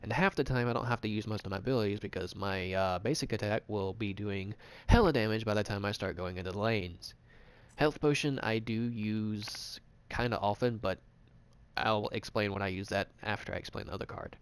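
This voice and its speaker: A man's voice: fairly low pitch, clear, resonant tone. A man casually narrating a game tutorial, rambling and swearing, with frequent restarts. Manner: rambling, profane, fast talk with restarts. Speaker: gaming channel host.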